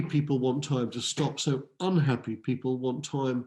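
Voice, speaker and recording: A man's voice: medium pitch, fairly even intonation, moderate pace, darkish tone. A man giving a school talk on French literature, reading French verse and translating it line by line, lifting his voice on the verse. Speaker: literature lecturer. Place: school event hall.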